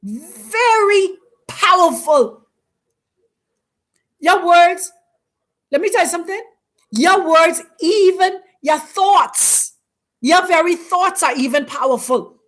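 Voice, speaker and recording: A woman hosting a spiritual teaching talk, speaking in an emphatic, preacherly way with repeated, drawn-out phrases. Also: very high-pitched, fairly bright tone. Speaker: host.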